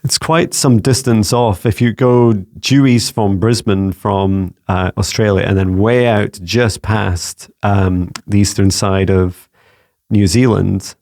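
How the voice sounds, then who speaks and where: A Scottish man relaying psychic messages to viewers in a casual solo talk, halting and searching for words as he goes. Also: on the low side, fairly even intonation, darkish tone. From Scotland. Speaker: psychic mentor answering viewer questions. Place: home with a laptop.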